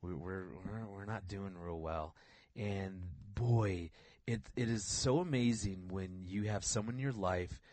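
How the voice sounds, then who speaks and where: Low-voiced male radio guest, earnest storyteller, dry sound. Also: unhurried, darkish tone, dry recording. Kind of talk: storytelling in conversation.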